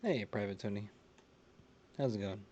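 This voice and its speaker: A man's voice: lowish voice, moderate pace, a little mellow, dull audio, slight background noise. A man streaming a video game live, chatting casually, reading chat aloud and often laughing.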